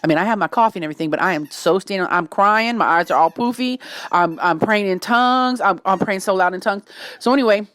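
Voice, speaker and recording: Animated Cajun woman telling a story. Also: mid-range voice, quick pace, no room sound. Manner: animated, breaks into shrieks and laughter; Southern colloquial speech. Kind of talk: casual storytelling vlog.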